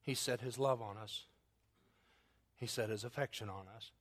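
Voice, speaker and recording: A man preaching a sermon and telling a family story in a folksy way, moving between loud emphasis and quiet, hushed lines. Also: mid-range voice, steady tone, moderate pace. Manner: acts out quotes in his story. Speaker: pastor.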